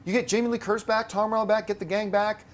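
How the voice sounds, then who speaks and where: A man hosting a casual movie news panel, arguing his points with animated bursts of emphasis. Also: high-pitched, fast talker.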